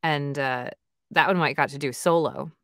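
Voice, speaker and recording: Speaking at a moderate pace, a woman with a deep, fairly bright voice chats eagerly in a casual interview about her work as an audiobook narrator and author, full of "like" and "you know." It's a dry, studio-quality recording.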